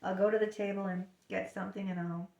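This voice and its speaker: A woman's voice: mid-range voice, flat delivery, quick pace, gravelly, darkish tone, far from the mic, dull audio. Chatty woman just talking, lots of you-knows, sounds roomy and a bit off-mic. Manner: chatty, lots of fillers, acts out little voices. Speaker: talker sharing personal experience. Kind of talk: casual personal chat. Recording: echoey room, speaker away from the mic.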